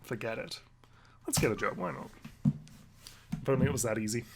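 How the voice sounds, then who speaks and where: A man's voice: medium pitch, brisk, heavy background noise. A man hosting a let's play, reading a visual novel aloud with playful, self-mocking asides.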